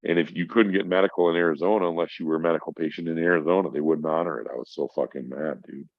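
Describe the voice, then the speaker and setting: A man's voice: rumbling low, fairly even intonation, fast talker, dry recording. A middle-aged man, stoned, telling a rambling, profane story in casual chat as a podcast guest. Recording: dull lo-fi sound.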